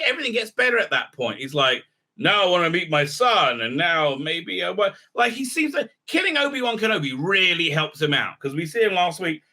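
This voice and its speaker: A man gives a loose, rambling recap of a show. His voice is very bright and sits a little high for a man. He stumbles through strings of fillers and keeps a mocking, irreverent edge. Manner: hesitant, heavy on fillers, irreverent. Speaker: video reviewer.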